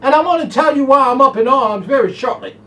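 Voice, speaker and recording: A man's voice: very high voice, animated, fast talker. A man hosting a horse racing preview show from a studio, fired up and folksy, telling himself to simmer down. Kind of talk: excitable folksy race preview monologue. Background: soft jazz music.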